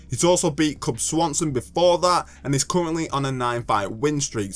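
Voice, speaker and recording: A young British man making a casual gaming commentary video, joking and ranting and stumbling over hard names. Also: mid-range voice.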